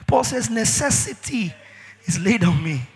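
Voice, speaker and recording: High, lively-voiced preacher man in a hall. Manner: emphatic preaching with sudden shouts and drawn-out words. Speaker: pastor. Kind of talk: sermon.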